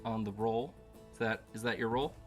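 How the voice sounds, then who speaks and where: A man's voice: fairly low pitch, moderate pace, soft background music. A man narrating as game master of a tabletop game, joking and laughing easily as he describes scenes. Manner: relaxed, joking, laughs often.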